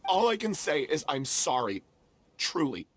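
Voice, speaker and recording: A man's voice: a little high, very animated, unhurried, a bit bright, slightly rough, dry recording, full character voice. An actor playing a remorseful young male troupe actor who blames himself, in game voice acting. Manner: remorseful, self-blaming.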